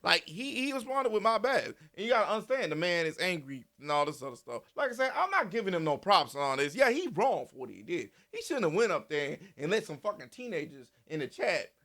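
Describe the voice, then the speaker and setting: A man giving casual, animated commentary, repeating himself and swearing freely. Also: fairly high pitch. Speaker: commentary channel host.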